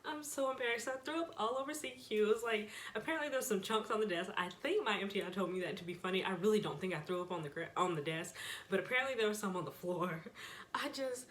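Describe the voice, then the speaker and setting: A woman's voice: mid-range voice, slight background noise. A young woman vlogger telling a personal story in a casual, chatty way, often laughing as she goes. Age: young adult.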